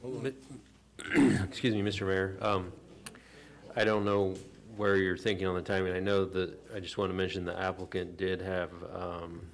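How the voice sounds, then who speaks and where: A city staff member speaks up at a council meeting. His voice is very low and even, and he addresses the mayor politely and tentatively. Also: moderate pace.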